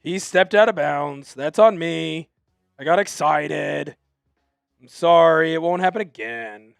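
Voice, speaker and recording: A man hosting a fan live stream, calling plays in an excitable, chatty way and apologizing when he gets carried away. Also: a little high, slow, vocal fry, clear, resonant tone, dry recording, clean studio sound, soft background music.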